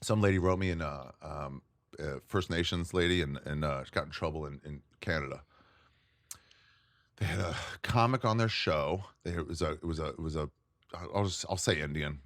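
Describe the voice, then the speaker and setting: A man, a guest comedian, chatting casually on a podcast, swearing freely and acting out what other people said. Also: moderate pace. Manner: profane, animated, jumps pitch to act out quotes.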